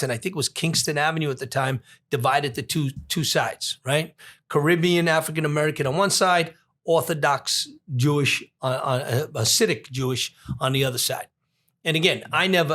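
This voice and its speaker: Animated New man in his 60s. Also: a little high. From Long Island, New York. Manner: animated storyteller with frequent restarts. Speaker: police commissioner, podcast guest. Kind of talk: storytelling in an interview.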